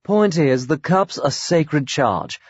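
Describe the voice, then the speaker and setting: A man's voice: on the high side, lively intonation, slow pace, breathy edge, dry recording, pitched above the performer's own voice, full character voice. A man voicing a brusque, aloof older upper-class woman who talks in clipped sentences. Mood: curt. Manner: clipped, drops subjects from sentences. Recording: dry, slightly dull audiobook recording.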